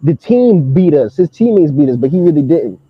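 A man's voice: fairly high pitch, normal speed, husky, dry recording. Young man telling a slangy story. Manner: animated, slangy storytelling with laughter. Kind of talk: casual chat. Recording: dull lo-fi sound.

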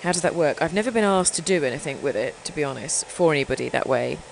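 An English woman hosting a chat show, her voice sitting low. She rambles casually, circling her points with plenty of "sort of" and "um." There's a faint hum of background noise. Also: expressive, fast, creaky. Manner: rambling, many fillers and hedges. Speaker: host.

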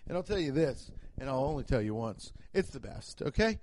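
A man's voice: fairly high pitch, big pitch swings, normal speed, a little mellow. A man hosting a comedy podcast, rambling through ad reads and bits in a profane, hyped-up way. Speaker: podcast host. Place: home kitchen.

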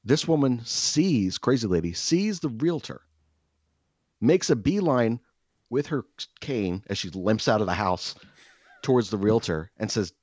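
A man co-hosting a podcast, telling stories in a casual, profane, exaggerated ranting way with loud bursts. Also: mid-range voice, lively intonation, measured pace, husky, no echo, muffled recording. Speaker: podcast co-host. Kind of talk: casual storytelling chat.

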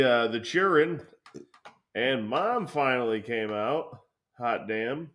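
A young man chats loosely on a podcast, cursing freely as he rambles through a story. His voice sits at an ordinary middle pitch. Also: expressive, takes it slowly, fairly bright tone, slight background noise. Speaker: podcast co-host. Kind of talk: casual chat.

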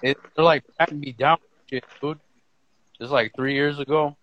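A man's voice: fairly high pitch, steady tone, normal speed, highs cut off. A man telling a profane story in a laid-back group chat. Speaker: podcast guest, university student.

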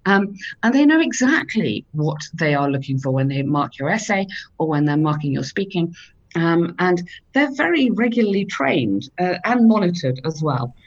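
A woman's voice: fairly low pitch, big pitch swings, moderate pace, muffled recording. A woman from the UK, an IELTS teacher, giving encouraging, chatty advice in a casual discussion, with lots of "um" as she talks.

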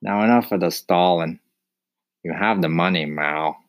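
A man voicing an impatient male cat in an audiobook, dry and deadpan. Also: deep voice, normal speed. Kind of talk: audiobook character voice.

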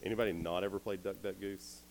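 A man's voice: low-pitched, fairly even intonation, quick pace, darkish tone, slight background noise. A young man giving a youth sermon, telling a story playfully and speaking directly to the crowd.

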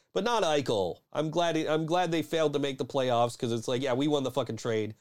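A man's voice: a little high, normal speed. A man hosting a podcast in casual chat, swearing freely and rambling with many restarts. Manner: profane, rambling, frequent restarts and laughs. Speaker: podcast host.

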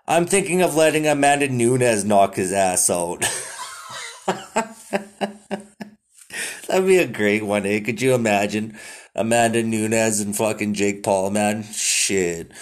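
A young adult man hosting a podcast, chatting casually about the news with constant swearing and lots of "like" fillers. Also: fairly low pitch. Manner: profane, rambling, heavy "like" fillers. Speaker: podcast host. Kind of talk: casual news-commentary chat.

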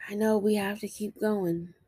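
A woman talking to camera in an earnest, self-encouraging and sometimes halting way in a personal confessional vlog. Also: medium pitch, steady tone, dark tone, breathy edge, dry recording. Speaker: vlogger.

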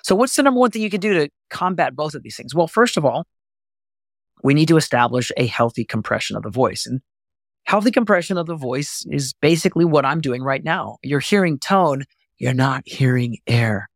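A man's voice: on the high side, lively intonation, brisk, gravelly, no room sound. Earnest male voice coach, dry sound. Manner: earnest, explains with demonstrations. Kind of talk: instructional talk to camera.

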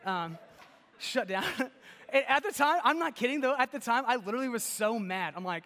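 High-voiced young man preaching in a hall. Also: a little fast. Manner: chatty and animated, lots of "like" and "okay?". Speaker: pastor. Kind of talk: casual sermon with personal stories. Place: church sanctuary. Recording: long reverb of a large hall.

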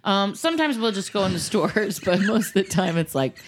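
A mother in her thirties telling a chatty, animated family story, acting out the quotes in casual conversation. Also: medium pitch, fairly quick, a little hiss or hum. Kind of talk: casual chat.

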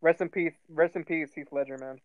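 A man's voice: fairly high pitch, steady tone, brisk, dry recording, muffled recording. A man co-hosting a podcast, giving blunt and emphatic opinions about movies in casual chat. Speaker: podcast co-host.

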